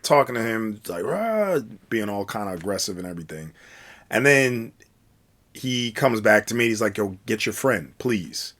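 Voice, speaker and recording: A man's voice: on the low side, bright, forceful tone. A man telling a casual personal story, rambling with many fillers and restarts. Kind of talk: casual spoken anecdote.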